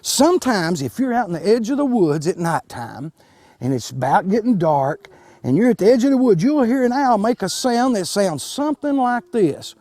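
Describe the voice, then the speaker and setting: Folksy, animated man teaching kids. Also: high-pitched, normal speed, dry recording. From Kentucky. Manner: folksy, animated, repeats and restarts words with many fillers. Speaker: wildlife extension educator. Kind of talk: live outdoor demonstration to children.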